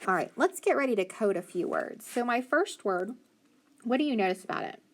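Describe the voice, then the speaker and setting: A woman teaching a phonics lesson to children, slowly sounding out letters and praising answers. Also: on the high side, lively intonation. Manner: slow, encouraging, sounds out letters.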